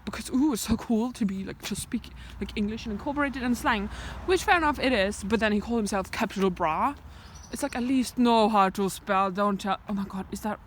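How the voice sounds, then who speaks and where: A woman's voice: medium pitch, a little fast, hardly any pauses. A young woman chatting nervously to the camera while walking on a rural hill, often dropping to a whisper. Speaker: vlogger. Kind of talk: casual walking vlog. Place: outdoors on a rural hillside. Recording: noisy outdoor recording.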